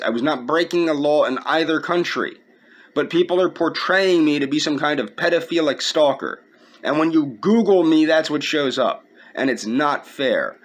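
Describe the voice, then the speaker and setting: A man's voice: on the high side, a bit bright. A man in a personal video rant, aggrieved and indignant, repeating his points. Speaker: vlogger.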